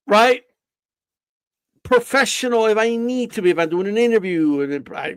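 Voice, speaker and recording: A man's voice: high voice, animated, normal speed, pauses often, clean tone, no echo. A man hosting a boxing live stream, ranting defiantly and profanely, often stammering and repeating himself. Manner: stammers and restarts.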